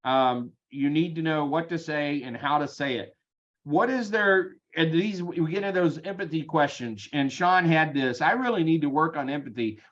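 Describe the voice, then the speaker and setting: A man leading a sales team meeting, energetic and chatty, with frequent ums, over a video call. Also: a little high, moderate pace, dull audio. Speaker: real estate team leader.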